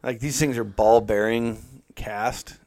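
A man's voice: medium pitch, fairly even intonation, takes it slowly, a little mellow. A young man co-hosting a podcast, telling loose, profane stories in casual chat. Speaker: podcast co-host.

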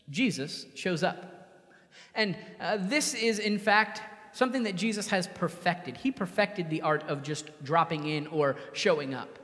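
A man preaches in an easy, conversational way, now and then slipping into the voices of the people he quotes. His voice sits high for a man. It rings out with the long reverb of a big hall. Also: fairly bright tone. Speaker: pastor. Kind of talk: sermon.

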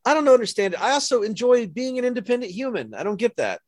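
A young man chatting casually as a podcast co-host, joking and mocking with quick impressions. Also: extremely high pitch, sing-song, darkish tone, dry recording, studio quality. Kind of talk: casual chat.

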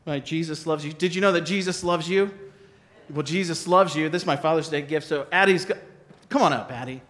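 High-voiced man preaching in an echoing hall. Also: brisk. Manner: animated, joking, conversational. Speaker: pastor. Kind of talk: sermon with a live demonstration. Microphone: wearing a mic. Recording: long reverb of a large hall.

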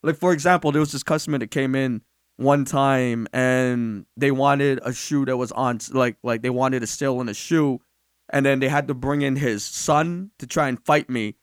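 A young man who manages a shoe store, telling stories in a casual chat, animated and swearing freely as he acts out the customers. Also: medium pitch, moderate pace, smooth, no room sound, studio quality.

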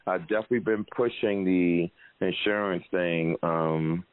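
Deep-voiced man telling stories over a tinny line. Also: a little slow, clear, resonant tone, dry recording. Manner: loose, profane storytelling with animated quoted voices. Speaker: podcast host, comedian. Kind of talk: casual podcast chat. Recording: tinny phone-like sound.

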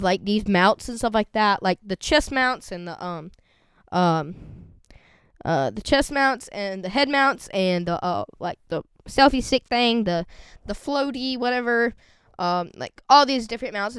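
A teenage girl chatting casually on a podcast, rambling and excitable, with a voice that cracks. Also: medium pitch, clean tone, no room sound. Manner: rambling and excitable, lots of fillers. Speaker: vlogger.

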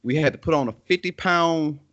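A man's voice: a little high, brisk, fairly bright tone. A man co-hosting a casual chat, talking loosely with lots of fillers and slang. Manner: loose, rambling talk with many fillers and slang. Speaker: podcast co-host. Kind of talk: casual conversation. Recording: dull lo-fi audio.

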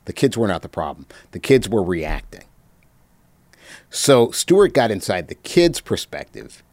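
A man telling stories as an interview guest, reflective and halting, with many pauses and fillers. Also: fairly low pitch, sing-song, darkish tone, dry recording. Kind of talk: reminiscing anecdotes.

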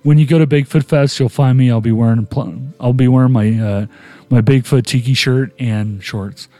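A man's voice: mid-range voice, steady tone, normal speed, dark tone, no room sound. A man hosting a podcast, telling a long, rambling story in casual chat. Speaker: podcast host.

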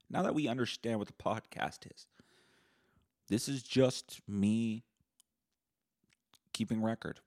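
A man hosting a solo podcast, rambling in crude deadpan humor. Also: lowish voice, a little slow, gravelly, pauses often. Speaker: podcast host.

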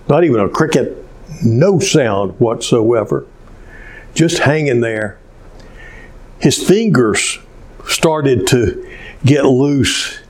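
A male pastor preaching a sermon, telling stories in an unhurried way with many pauses. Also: medium pitch, a little mellow.

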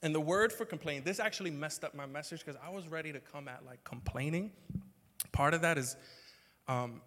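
A male pastor gives a sermon in a church sanctuary. His voice sits somewhat high for a man and moves from an easy, joking delivery into loud, emphatic outbursts. A long reverb from the hall trails after every phrase. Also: a little fast. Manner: conversational, joking, swings to loud emphatic bursts.

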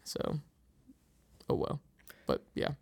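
A man's voice: slow, darkish tone. A young man from Pittsburgh with a slight local accent, co-hosting a casual chat and telling stories with frequent laughs. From Pittsburgh, USA. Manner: chatty storyteller, laughs often. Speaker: podcast co-host.

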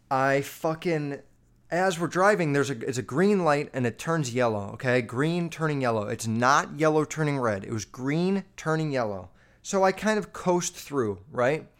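A man spinning a casual storytime monologue, cursing freely and leaning on "like" at every turn. He rambles and talks straight to his listeners in a mid-pitched voice, animated and loose. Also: normal speed. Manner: profane, rambling, filler-heavy with constant "like"; animated, addresses listeners directly.

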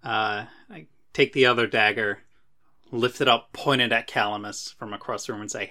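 A man playing a tabletop game in a playful, animated way. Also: fairly low pitch, normal speed. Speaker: player.

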